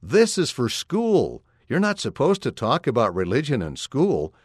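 A man's voice: medium pitch, huge pitch swings, unhurried, slightly rough, no echo, studio quality, exaggerated voice. A man reading aloud and voicing a nervous young schoolboy with a boyish, pleading tone. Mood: anxious. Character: anxious young schoolboy, nervous about speaking up.

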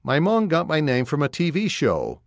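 A man's voice: fairly high pitch, huge pitch swings, normal speed, no echo, clean studio sound, pitched above the performer's own voice. A man reading aloud and voicing a complaining, embarrassed young schoolboy with a whiny tone. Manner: whiny, groaning.

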